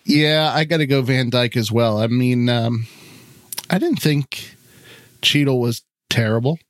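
A man's voice: medium pitch, a little slow, no echo. A man co-hosting a movie podcast, speaking casually and hesitantly with repeated words. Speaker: podcast co-host.

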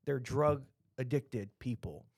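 A man's voice: mid-range voice, slow, creaky, darkish tone, slightly rough, dry recording. A middle-aged man with a Texan accent, talking bluntly in a rambling, opinionated podcast chat full of restarts.

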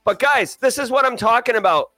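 A man hosting a daily cybersecurity news livestream, hyped and sing-song as he shouts out viewers and places. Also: very high-pitched, a little fast, no room sound, faint music behind. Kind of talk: energetic livestream chat with viewers.

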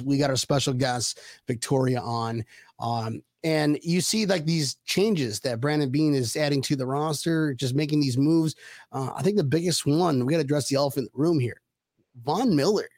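A man's voice: mid-range voice, moderate pace, a little mellow, dry recording, clean studio sound. A man hosting a podcast, chatting casually, joking and laughing often. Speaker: podcast host. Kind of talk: casual chat.

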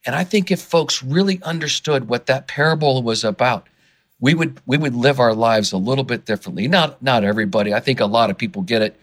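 This man, an author appearing on a podcast interview, talks a little fast in a medium-pitched voice. Excitement builds as he goes, and he often breaks off to restart his sentences.

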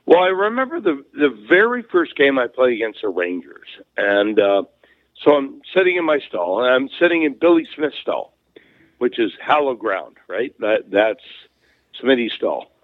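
Very animated at a normal speed, a mid-range male voice belongs to an ex-hockey player guesting on an interview, telling loose stories packed with fillers and restarts. The recording is dry, with a phone-like narrowness.

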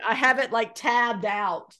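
A middle-aged woman, a guest on a faith podcast, telling stories in an animated, earnest way and laughing easily. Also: a little high, a little slow. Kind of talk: conversational storytelling.

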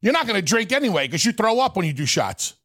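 A man's voice: sits high, big pitch swings, fast, fairly bright tone, dry recording, clean studio sound. A male radio co-host in bantering talk, earnestly and playfully defending his fandom.

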